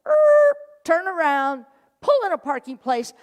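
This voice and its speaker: A woman's voice: sits high, big pitch swings, a little slow, lo-fi sound. A woman minister giving a sermon, telling a story with jokes and acting out the people she quotes. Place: church sanctuary. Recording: hall reverb.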